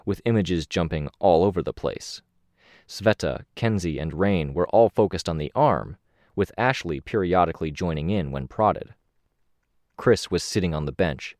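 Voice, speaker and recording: A man narrating an audiobook in a steady, expressive reading. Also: low-pitched, no room sound, studio quality.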